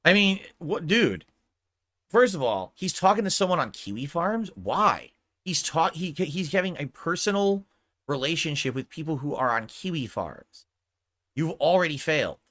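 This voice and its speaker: A man's voice: fairly high pitch, very animated, normal speed, a bit bright, no room sound. A man giving reaction commentary on a video, incredulous and exclaiming with rhetorical questions.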